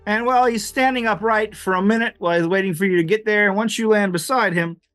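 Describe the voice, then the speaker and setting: A man's voice: sits high, fast talker, a bit bright, dry recording. A man narrating a tabletop game as game master, rambling with many fillers and laughs. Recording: dry sound with faint music.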